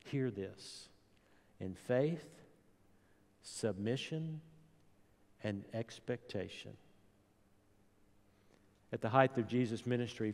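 Slow, deliberate male pastor in reverberant church. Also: mid-range voice, darkish tone. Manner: slow, deliberate storytelling delivery with rising repeated refrains. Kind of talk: sermon. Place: church sanctuary. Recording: long church hall reverb.

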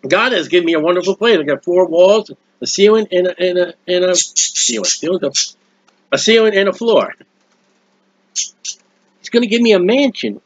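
A man preaching a sermon in an earnest, rambling way, with restarts and quiet asides, recorded at home. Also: high-pitched, lively intonation, moderate pace, pauses often, no room sound, highs cut off. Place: at home, birds heard nearby.

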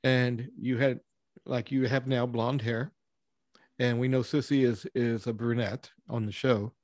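A man's voice: medium pitch, level tone, measured pace, a little mellow, no room sound, clean studio sound. A man hosting an interview, laughing along with his guest and prompting her with things he remembers. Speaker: interview host. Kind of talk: conversational interview.

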